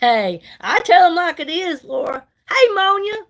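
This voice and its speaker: Her voice is very high-pitched and sing-song, her pace measured and her tone fairly bright, though the recording is rough. This middle-aged woman sells products on a livestream while doing her makeup, chatting sassily and folksily and greeting viewers by name.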